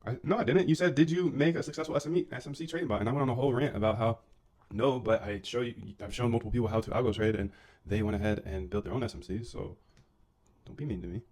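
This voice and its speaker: A man's voice: mid-range voice, fast talker, a little mellow. A man casually chatting through a live coding and trading stream, loose and slangy, bantering with his chat and chewing food as he talks. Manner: eating while talking. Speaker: livestreaming coder and trader.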